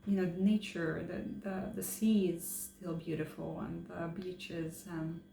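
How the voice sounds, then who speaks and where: A woman's voice: fairly low pitch, little pitch movement, unhurried, vocal fry, mellow. A woman chatting casually to camera, hesitant, with many fillers and restarts. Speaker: travel vlogger. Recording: roomy echo, faint hum.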